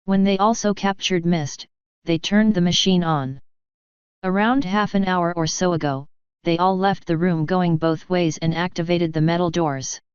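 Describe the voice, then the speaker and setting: A woman's voice: on the low side, fairly even intonation, moderate pace, clear, resonant tone, dry recording, muffled recording, close to an everyday voice. A woman voicing a grumpy, proud male fire elemental who talks in a huffy, growling way. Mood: gruff.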